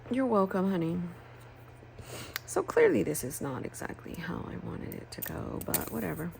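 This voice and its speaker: A low-voiced woman talks through her crafting in a loose, rambling way and swears freely. Her voice has a gravelly rasp. Faint room noise hums behind her. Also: huge pitch swings, moderate pace, a little mellow. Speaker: planner crafting vlogger. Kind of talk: casual chat while crafting.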